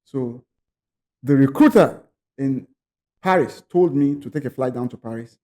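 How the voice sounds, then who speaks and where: Speaking at a slightly slow pace with a medium-pitched voice, a Nigerian man appears as a podcast guest. He recounts a personal story in a lively manner, imitating other people's voices and occasionally repeating words.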